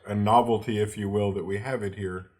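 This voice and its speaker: Pria yang memerankan pelayan penginapan yang santai. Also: male voice, on the low side, steady tone, fairly quick, darkish tone. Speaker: game master. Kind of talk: narrating a tabletop game and playing an innkeeper.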